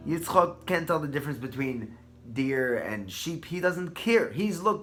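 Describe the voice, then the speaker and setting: A man telling a Torah thought and a story in an animated way, repeating words and dropping to a hush at tense moments. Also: on the high side, a little slow. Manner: animated, restarts and repeats words, drops to hushed tones. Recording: guitar music under the voice.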